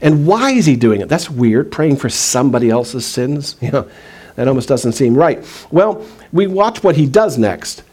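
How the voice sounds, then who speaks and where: A man pastor giving a conversational sermon, reading scripture aloud slowly and earnestly. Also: medium pitch, sing-song, a little mellow.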